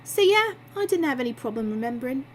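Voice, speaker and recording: A woman's voice: high voice, sing-song, fast, a little hiss or hum. Woman putting on a cheeky barmaid. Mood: breezy. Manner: breezy, cheeky storytelling.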